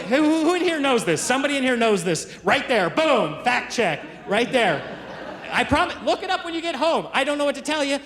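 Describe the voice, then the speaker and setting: A male stand-up comedian telling stories to a live crowd, with quick asides to the audience, on a handheld stage mic. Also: very high-pitched, fairly bright tone. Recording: live stage mic with long hall reverb and crowd laughter.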